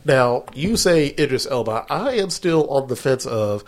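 A man's voice: mid-range voice, unhurried. A man co-hosting a casual podcast chat, swearing freely and laughing often as he talks. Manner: profane, laughs often, animated. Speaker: podcast co-host.

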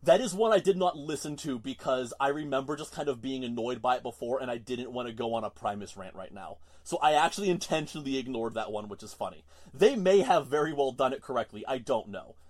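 A man's voice: medium pitch, lively intonation, fast. A man co-hosting a casual podcast, ranting in an exasperated, emphatic way. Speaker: podcast co-host.

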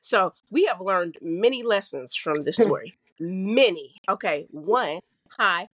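Woman, podcast co-host, wry and lecturing, lively pitch, dry close sound. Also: a little slow, dry recording. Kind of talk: casual chat.

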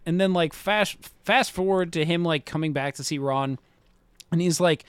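A man's voice: high-pitched, moderate pace, clear, resonant tone, no echo. A man co-hosting a podcast in casual chat, rambling through a recap with frequent laughs and filler words. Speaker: podcast co-host.

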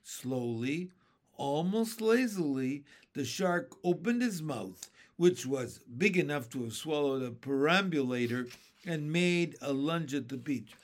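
A man reading a children's story aloud, dramatic and expressive. His voice sits a little high and swings with lively animation. He lets each line unfold slowly.

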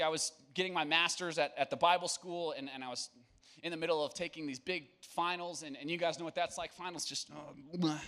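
A man's voice: sits high, bright, forceful tone. A young man preaching to young people at church, casual and joking, then turning earnest. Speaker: youth pastor.

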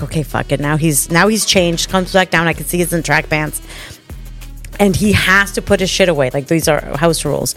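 A middle-aged woman co-hosting a casual podcast chat, telling stories with loud acted-out quotes, big laughs and lots of swearing. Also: on the low side. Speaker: podcast co-host. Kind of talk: casual chat, animated storytelling.

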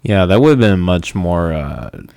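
A man's voice: low voice, expressive, normal speed, vocal fry, darkish tone. A young man hosting a podcast in casual chat, jokey and self-mocking, laughing often. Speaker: podcast host.

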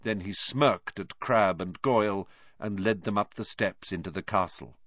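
A man narrating a storybook reading in an expressive, animated way. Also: lowish voice, normal speed, no echo. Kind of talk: audiobook reading. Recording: dry, dull lo-fi.

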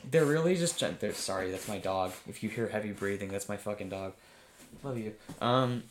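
Excitable rambling man in a roomy space. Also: medium pitch, slight background noise. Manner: enthusiastic, rambling, laughs often, swears casually. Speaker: vlogger reviewing a comedy film. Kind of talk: casual rambling monologue. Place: home room with his dog nearby.

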